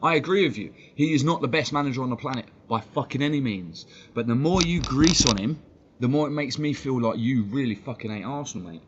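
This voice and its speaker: Male stream host, heated sweary rant, mid-pitched, dull lo-fi mic. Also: expressive, fairly quick. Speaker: fan channel host. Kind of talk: ranting live-stream commentary. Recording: dull lo-fi stream audio with faint noise.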